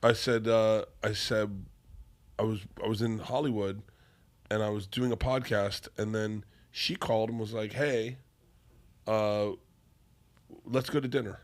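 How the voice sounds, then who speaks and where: A comedian guest on a podcast, telling rambling, excitable stories in casual chat. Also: male voice, on the low side, normal speed.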